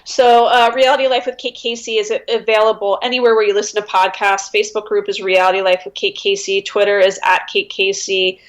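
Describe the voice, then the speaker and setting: A woman guest on a podcast, telling stories in animated, enthusiastic casual chat. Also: medium pitch, fairly quick, few pauses.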